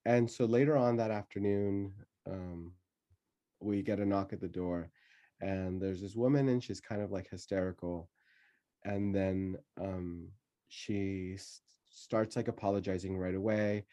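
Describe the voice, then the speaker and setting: A man telling a childhood story in casual conversation, laughing often and pausing with many fillers. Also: low voice, fairly even intonation, dark tone.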